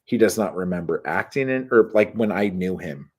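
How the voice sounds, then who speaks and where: A man with a deep, slightly husky voice talks off the cuff, loose and profane. He piles up filler words as he spins stories and reacts to his live chat. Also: lively intonation, moderate pace. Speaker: host answering live chat. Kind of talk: casual storytelling chat.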